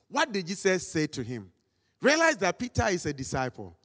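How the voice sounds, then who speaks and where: A man preaching a sermon, dramatic and acting out quotes, sometimes rising to shouts. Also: high-pitched, huge pitch swings, normal speed. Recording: long hall reverb.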